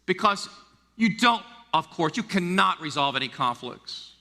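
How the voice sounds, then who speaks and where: A middle-aged man from the United States preaching a sermon as a pastor, animated and stammering through restarts as he acts out quoted voices. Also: high-pitched, a little slow. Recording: long reverb of a large hall.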